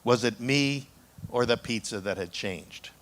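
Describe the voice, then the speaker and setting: A man speaking as an author, telling a lively story in a talk, with small restarts here and there. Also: mid-range voice, unhurried.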